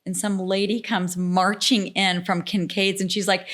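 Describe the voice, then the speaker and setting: A woman who owns a jewelry shop, chatting as a podcast guest and quick to laugh. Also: mid-range voice, steady tone. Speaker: jewelry store owner, guest. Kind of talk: casual chat.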